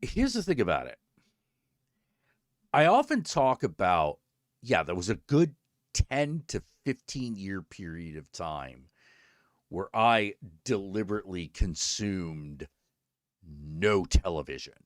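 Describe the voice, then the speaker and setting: A lower-pitched man hosting his stream, telling a story in a loose, profane way. His pitch swings widely as he acts out both sides of conversations and jumps to high exclaims. The sound is close and dry, with no room around it. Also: sing-song, takes it slowly, pauses often, no room sound. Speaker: streamer host. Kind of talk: casual storytelling chat.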